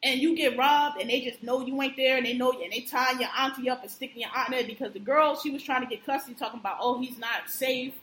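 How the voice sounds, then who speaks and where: A woman co-hosting a casual chat, blunt and animated, telling stories with acted-out quotes. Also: high voice, rapid-fire, few pauses. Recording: roomy with faint background noise.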